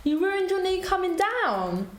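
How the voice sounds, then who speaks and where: On a cooking live stream, a young British woman chats casually, laughing often and staying animated as she eats and replies to viewers. Her voice is very high-pitched and her pace unhurried. The room sounds echoey, with faint music in the background.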